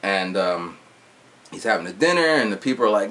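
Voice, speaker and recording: Man, 40s, casual chat, lively pitch, sound effects, swearing. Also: fairly quick. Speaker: vlogger reviewing a movie.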